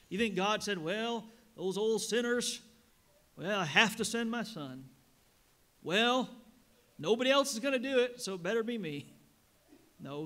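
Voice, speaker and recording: A man preaching a sermon as a pastor in a church, reading scripture slowly and rising with emphasis. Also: high-pitched, fairly bright tone. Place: church sanctuary.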